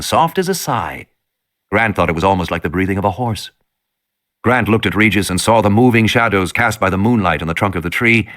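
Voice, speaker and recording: A man reading an audiobook in an expressive, dramatic narration. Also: lowish voice.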